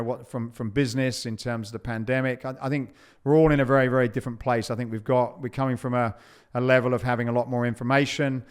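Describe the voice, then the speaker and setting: Man, podcast host, reflective, halting repeats, smooth clear voice. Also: mid-range voice.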